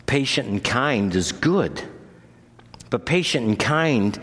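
A man preaching a sermon as pastor, moving from measured teaching to loud, emphatic proclamation. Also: animated, breathy edge. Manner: builds from low measured teaching to loud, high-pitched preaching. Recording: long hall reverb.

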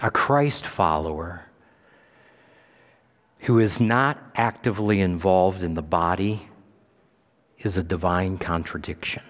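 Male pastor, emphatic sermon delivery, low voice and unhurried pace, long church reverb. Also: fairly bright tone. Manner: emphatic preaching, climbing high on Scripture quotes. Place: church sanctuary.

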